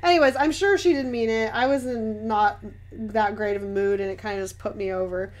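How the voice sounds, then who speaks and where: A woman's voice: medium pitch, fairly quick. A young woman artist chatting casually while she paints and answers viewer questions, rambling with many fillers and easy laughs. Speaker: artist hosting a paint-along.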